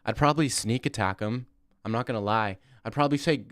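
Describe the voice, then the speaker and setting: Young male streamer, casual and profane, mid pitch, dry voice. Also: fast talker, fairly bright tone, no echo. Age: 20s. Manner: rambling, blunt, swears freely. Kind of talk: casual live-stream chat reading.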